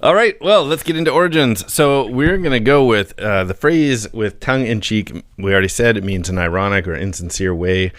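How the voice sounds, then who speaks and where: A man with a fairly low voice chats on a podcast in a loose, joking way and laughs easily. When he reads a passage aloud he slows to a careful pace. The sound is close and dry. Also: fairly bright tone, no room sound. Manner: laid-back, joking, laughs often, slows down to read. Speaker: podcast co-host. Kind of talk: casual chat, reading a passage aloud.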